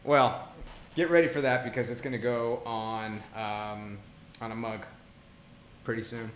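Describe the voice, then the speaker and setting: Teasing co-host in a roomy room. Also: male voice, mid-range voice, steady tone, measured pace, a little hiss or hum. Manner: joking, rambling, teasing. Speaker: podcast co-host. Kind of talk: casual chat.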